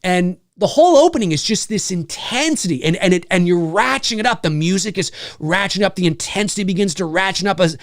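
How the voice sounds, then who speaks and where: A man co-hosting a podcast, talking casually and swearing freely as he pitches a story idea. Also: quick pace, hardly any pauses, no echo, studio quality. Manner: profane, animated storytelling with many fillers. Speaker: podcast co-host.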